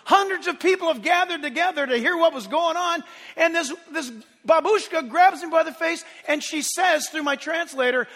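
A man's voice: very high voice, moderate pace, fairly bright tone, big-room sound. A middle-aged man preaching a sermon as pastor in a church sanctuary, impassioned and emphatic.

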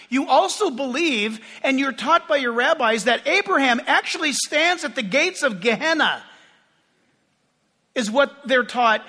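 Male pastor, animated sermon storyteller, bright tone, long hall reverb. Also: extremely high pitch. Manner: animated storytelling, addresses the congregation.

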